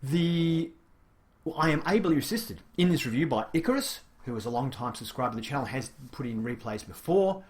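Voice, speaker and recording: Male game reviewer, mid-pitched, casual and chatty, explains things with plenty of fillers. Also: very animated, quick pace, few pauses.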